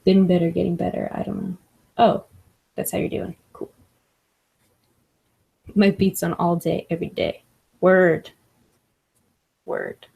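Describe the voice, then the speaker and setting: A woman's voice: lowish voice, level tone, a little slow, vocal fry, pauses often, darkish tone, husky. A woman hosting a livestream, reading chat comments aloud and chatting casually with lots of laughs. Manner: laughs often, fillers like "like" and "I don't know".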